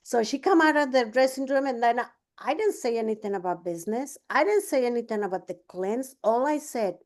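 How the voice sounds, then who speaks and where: A business coach with a slightly high, somewhat mellow voice leads a casual training session, speaking expressively and fairly quickly with few pauses. She's chatty, telling stories full of fillers and restarts while acting out both sides of each conversation.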